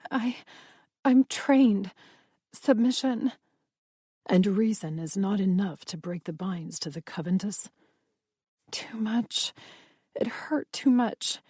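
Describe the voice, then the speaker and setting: A woman voicing a timid, submissive young woman who speaks softly and haltingly, pleading, in an audiobook. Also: mid-range voice, husky, no room sound, studio quality. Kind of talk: audiobook dialogue reading.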